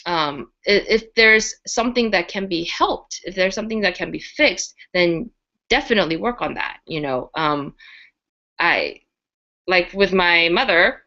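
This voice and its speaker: A woman's voice: fairly low pitch, animated, a little slow, bright, forceful tone. A woman co-hosting a casual talk show, sharing personal stories in a hesitant way with many fillers. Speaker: co-host. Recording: dull lo-fi audio.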